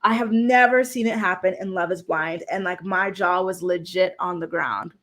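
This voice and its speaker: A woman's voice: lowish voice, normal speed. Chatty woman recapping reality TV. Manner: animated, chatty, acts out quotes with lots of "like". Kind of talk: casual recap talk to camera.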